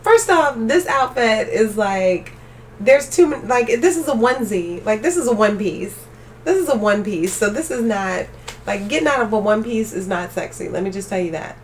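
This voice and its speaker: A young woman live streaming, chatting casually with her viewers and ranting with animated energy. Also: medium pitch, normal speed, recorded from a distance, slight background noise. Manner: animated ranting, talks straight to chat.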